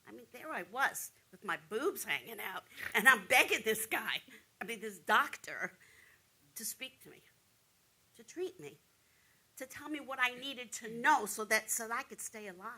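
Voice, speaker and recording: An actress playing a frightened, angry woman patient on stage, telling of a rude doctor and swinging between hushed whispers and loud outbursts. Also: on the high side, lively intonation, normal speed, slightly rough, heavily acted. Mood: indignant. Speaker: stage actor playing a breast cancer patient. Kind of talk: theatrical monologue.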